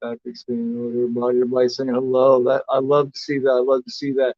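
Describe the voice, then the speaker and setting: A man's voice: medium pitch, completely flat delivery, rapid-fire, dry recording. A man co-hosting a casual film review livestream, retelling scenes in a rambling way with many fillers and restarts. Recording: dull lo-fi dry sound.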